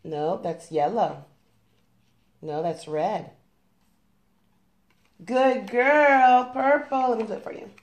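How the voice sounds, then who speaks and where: A woman's voice: low-pitched, unhurried, long pauses, warm tone. A young woman at home teaching her toddler colors and letters, patient and coaxing, with plenty of praise. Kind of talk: gentle toddler lesson at home.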